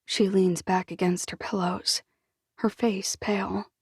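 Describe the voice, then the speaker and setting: A woman's voice: medium pitch, little pitch movement, measured pace, breathy edge, no echo, studio quality. A woman reading a novel in the first person, with a wry, self-deprecating manner. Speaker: audiobook narrator. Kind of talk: first-person fiction narration.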